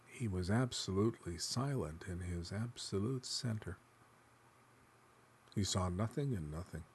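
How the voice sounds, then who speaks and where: A man reading literary fiction aloud in the first person, musing and dramatic, sometimes dropping to a hush. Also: low voice, lively intonation, unhurried, a little hiss or hum. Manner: dramatic, shifting between musing and hushed tones. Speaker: narrator.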